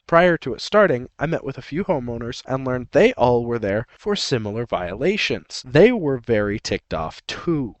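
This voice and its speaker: Guy reading out a story on a comedy podcast, middle pitch, dead dry mic, jokey. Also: sing-song, moderate pace, hardly any pauses, no room sound. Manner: laughs often, riffs on jokes.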